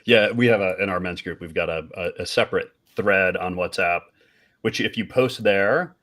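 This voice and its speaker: A male host leads a casual live panel conversation. His voice is very deep yet bright and crisp in tone. He chats conversationally and backs his guests up with frequent affirmations. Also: moderate pace.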